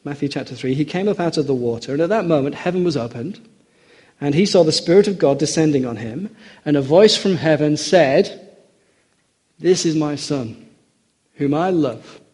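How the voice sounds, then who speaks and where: A man delivering a sermon in an earnest, emphatic way. His voice is mellow and a little husky. He slows down when he quotes scripture. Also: on the high side, lively intonation. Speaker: preacher.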